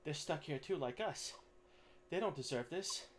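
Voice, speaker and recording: Shaken freed prisoner, emotional and pleading, a man voicing him a little higher in a tabletop game. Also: expressive, moderate pace, slight background noise, lightly acted. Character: shaken, weepy male prisoner.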